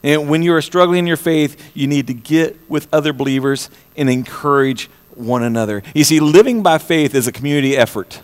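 A pastor preaching an impassioned sermon, often repeating words and swinging between loud and hushed delivery. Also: male voice, fairly high pitch, brisk, hardly any pauses, clean tone, big-room sound.

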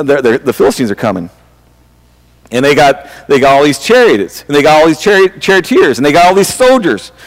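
A man's voice: a little high, long reverb tail, poor audio. A man preaching a sermon in a conversational way, often restarting his sentences and asking his listeners questions. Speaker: pastor.

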